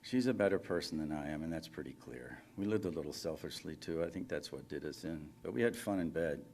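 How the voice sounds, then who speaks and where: A man's voice: rumbling low, expressive, a little mellow, a little hiss or hum. Man reading as lonely rambling phone caller. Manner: rambling, apologetic, halting. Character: lonely middle-aged man confessing on phone. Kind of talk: live fiction reading. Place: conference reading room.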